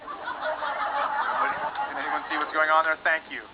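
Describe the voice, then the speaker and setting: Dude doing crude standup, kinda high voice, muffled lo-fi tape w loud hiss. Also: male voice, big pitch swings, normal speed. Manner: crude, brash punchlines with sudden shouted bits. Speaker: stand-up comedian. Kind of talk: stand-up comedy set. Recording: dull lo-fi live recording, loud noise.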